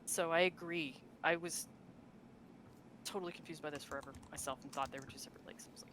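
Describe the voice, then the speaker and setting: A woman's voice: deep voice, fairly even intonation, fast, noisy background. A woman co-hosting a casual podcast chat about tabletop game lore, talking loosely with fillers and frequent laughs. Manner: chatty, laughs often, many fillers and restarts. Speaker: podcast co-host.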